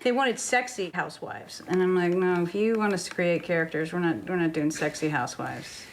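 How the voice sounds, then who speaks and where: A woman's voice: lowish voice, fairly quick, a little hiss or hum. An older woman interviewed for a documentary, telling candid stories about the past. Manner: candid, storytelling.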